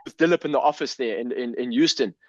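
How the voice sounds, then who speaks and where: A man's voice: mid-range voice, fast, no room sound. A South African man in his fifties, telling personal stories as a podcast guest, earnest and emotional, with many restarts and some swearing. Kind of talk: candid personal storytelling. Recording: dull, dry lo-fi sound.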